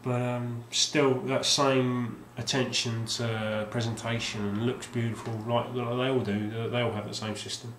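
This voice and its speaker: A man's voice: mid-range voice, little pitch movement, moderate pace, few pauses, a bit bright, slight background noise. A man casually showing off his game collection, rambling and hesitant with lots of ums and restarts. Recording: roomy sound with faint ambience.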